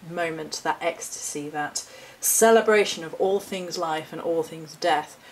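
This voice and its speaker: A woman's voice: fairly low pitch, a little mellow, a little hiss or hum. Give me a woman talking passionately and expressively about witchcraft and nature on her vlog. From United Kingdom. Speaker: hedge witch and altar maker. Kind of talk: spiritual vlog talk.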